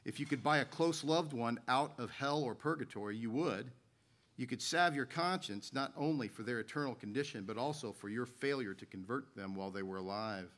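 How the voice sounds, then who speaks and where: A man's voice: medium pitch, brisk, a bit bright. A man preaching a sermon as a pastor, telling stories and reading scripture aloud in an earnest way.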